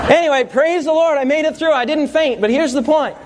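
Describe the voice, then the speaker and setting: A man's voice: extremely high pitch, fast, few pauses, heavy background noise. A man preaching a sermon to a congregation, telling stories with humor and asking the audience to answer back. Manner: animated storytelling with audience call-and-response.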